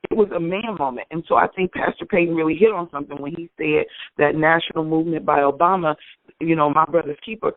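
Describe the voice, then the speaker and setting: A middle-aged woman co-hosting a radio discussion, talking in an emphatic, heartfelt way with sudden jumps in pitch. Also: steady tone, fast, dry recording. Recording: tinny phone-line sound, dry.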